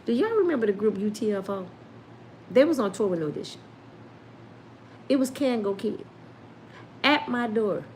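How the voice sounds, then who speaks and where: A woman in her fifties telling a casual story, animated and laughing often as she acts out the people in it. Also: mid-range voice, slight background noise. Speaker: storyteller host.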